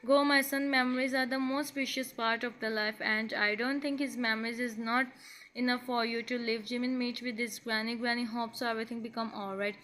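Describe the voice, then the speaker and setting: A woman voicing a gentle, wise old grandmother who talks in a soft, consoling way, in a read-aloud fan fiction story. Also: on the high side, steady tone, a little fast.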